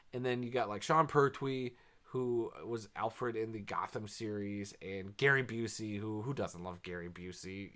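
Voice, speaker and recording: Rambling, sarcastic male movie reviewer. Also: fairly low pitch. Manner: rambling, sarcastic, filler-heavy with frequent sighs and laughs. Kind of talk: casual spoken review.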